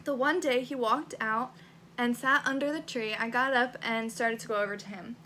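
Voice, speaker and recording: A woman's voice: on the high side, fairly even intonation, moderate pace, bright, forceful tone, slight background noise. A young woman vlogging casually, reading her old teenage writing aloud, swearing freely and laughing at herself. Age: young adult.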